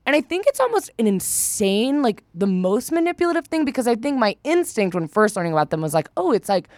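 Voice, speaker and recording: A woman's voice: on the high side, sing-song, fairly quick, darkish tone, no room sound. A young woman co-hosting a podcast, chatting casually and rambling with lots of fillers. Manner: rambling, many fillers and restarts. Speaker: podcast co-host. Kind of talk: casual chat.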